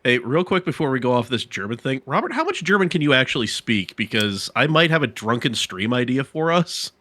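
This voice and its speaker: A man's voice: mid-range voice, very animated, fairly quick, bright, forceful tone, dry recording. A man co-hosting a podcast, telling stories in casual chat with lots of animation and swearing for emphasis. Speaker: podcast co-host. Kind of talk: casual chat on a live stream.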